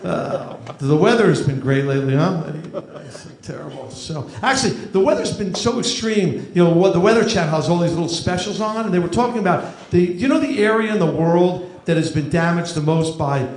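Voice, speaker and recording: This is a stand-up comedian, a man in his fifties from New Jersey, whose club-stage humor is dry and self-deprecating. His high voice has a darkish tone and lively intonation, delivered briskly with few pauses. Audience noise fills the echoey room.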